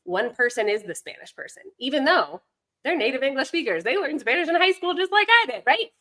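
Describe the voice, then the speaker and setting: Bright-voiced woman chatting about homeschooling. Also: high-pitched, big pitch swings, brisk. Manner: chatty, digresses, many fillers. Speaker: guest, homeschooling mom and language instructor. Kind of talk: conversational podcast interview.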